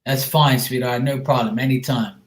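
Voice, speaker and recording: A man talks casually and reassuringly, giving a medium's reading to a viewer and calling her sweetheart. His voice sits at an ordinary pitch for a man. The room around him is echoey. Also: fairly even intonation, moderate pace. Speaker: psychic medium.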